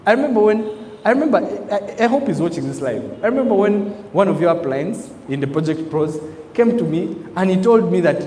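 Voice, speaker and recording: Man, motivational trainer, emphatic, lively pitch, long hall reverb. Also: brisk, slight background noise. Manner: emphatic, preacher-like, asks the crowd questions. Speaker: network marketing trainer. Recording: echoey hall, faint ambience.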